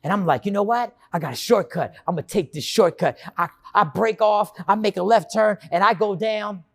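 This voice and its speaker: Speaking quickly in a high voice, a man tells a personal story as a monologue, acting out his past self and the voices in his head.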